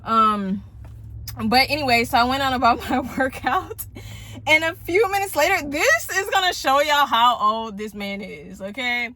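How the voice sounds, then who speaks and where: Woman vlogger, thirties, slightly high voice, rambling chatty storyteller talking from a parked car. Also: moderate pace, sharp tone. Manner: chatty, rambling storyteller who addresses viewers directly. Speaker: vlogger, single mom. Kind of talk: casual chat to viewers.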